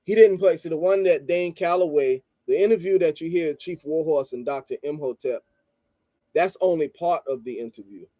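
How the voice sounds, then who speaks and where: A man tells a story in a calm, rambling monologue, leaning on "you know" and trailing off into "blah, blah". His voice sits a little high but sounds mellow and warm. The recording is dry and close. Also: no echo. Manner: calm and measured, stresses listening before responding. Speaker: channel host and street vendor.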